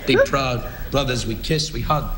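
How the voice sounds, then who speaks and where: A male stand-up comedian roasting his audience in rapid-fire, mocking insults with theatrical asides, performing at a live show. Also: mid-range voice. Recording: roomy archive clip with loud noise.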